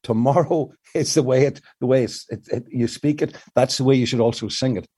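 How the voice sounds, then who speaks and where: Older guy songwriter talking shop, warm mellow tone, lots of restarts. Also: mid-range voice, fairly quick, husky. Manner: explains at length with many restarts, sings fragments to illustrate. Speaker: songwriter guest. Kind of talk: reflective interview answers.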